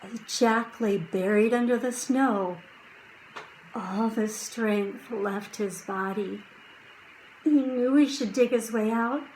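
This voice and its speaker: Slow, hushed woman reading a children's book. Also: fairly high pitch, slight background noise, poor audio. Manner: slow, hushed at calm moments, rising for drama. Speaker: audiobook reader. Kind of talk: children's book read aloud.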